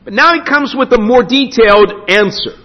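A man preaching a sermon as pastor in a church, emphatic with dramatic pauses. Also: very high-pitched. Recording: dull lo-fi sound with long hall reverb.

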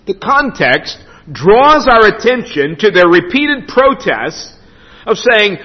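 A man preaching a sermon as pastor in a church, emphatic with dramatic pauses. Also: sits high, sing-song, bright, forceful tone, breathy edge. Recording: dull lo-fi sound with long hall reverb.

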